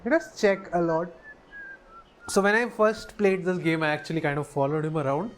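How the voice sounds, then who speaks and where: A man's voice: a little high, fairly even intonation, moderate pace, a little hiss or hum. A man giving chatty, opinionated commentary over gameplay. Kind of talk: casual let's play commentary.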